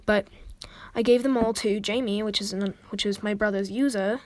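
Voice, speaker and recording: A woman telling a story casually to camera, rambling and excitable, dropping into hushed asides and rising into indignant outbursts. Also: medium pitch, moderate pace, no room sound. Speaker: storyteller recounting an online game incident.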